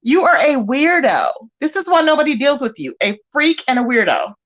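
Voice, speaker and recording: A woman's voice: high voice, moderate pace. A woman hosting a livestream, reading chat comments and calling people out in casual commentary. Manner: animated, talks straight to chat and calls people out. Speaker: livestream host.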